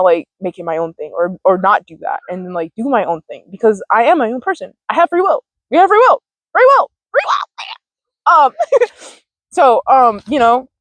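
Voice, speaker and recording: A woman's voice: mid-range voice, dry recording. A woman hosting a podcast, talking in a casual, chatty monologue that is full of profanity and "like". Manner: chatty and profane, heavy use of "like". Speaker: podcast host.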